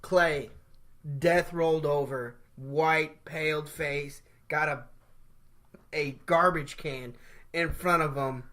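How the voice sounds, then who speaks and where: Male co-host, bright voice, loud, jokey banter. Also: fairly high pitch, fairly even intonation, takes it slowly. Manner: loud, joking, colorful. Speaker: podcast co-host. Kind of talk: casual chat.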